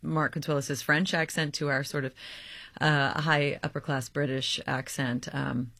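An American actress from Oklahoma, chatting as an interview guest with lots of fillers and laughter. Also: female voice, low-pitched, little pitch movement, a little slow, fairly bright tone, dry recording. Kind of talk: casual interview chat.

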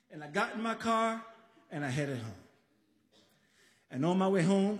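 A man from the Bronx telling a story on a live stage, animated, acting out voices and shouting at times. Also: sits high, moderate pace, pauses often. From the Bronx, New York. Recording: live stage recording in a reverberant hall.

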